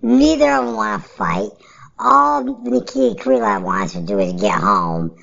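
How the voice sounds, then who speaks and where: A woman with a heavily gravelly, husky voice hosts a casual sports podcast, rambling bluntly through her picks. Her delivery swings up and down in pitch, sitting low. The recording is muffled and lo-fi. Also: wildly swooping pitch, measured pace, a bit bright. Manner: rambling, blunt, offhand and profane. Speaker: podcast host.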